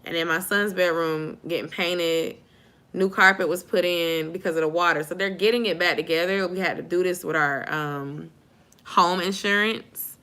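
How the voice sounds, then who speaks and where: Bright-voiced sleepy woman vlogger. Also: on the low side, steady tone, moderate pace. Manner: chatty, informal, addresses viewers as y'all. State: sleepy, yawning. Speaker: YouTube vlogger on a live stream. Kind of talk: casual live-stream chat.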